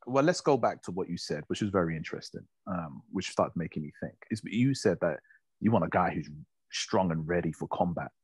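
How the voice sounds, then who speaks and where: Deep husky blunt man. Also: animated, fairly quick, no room sound. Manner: blunt, provocative. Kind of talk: casual chat.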